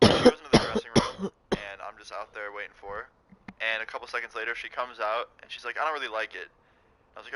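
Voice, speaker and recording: A young man casually telling a story to camera, profane and animated. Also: on the low side, very fast, a little hiss or hum, poor audio. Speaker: vlogger.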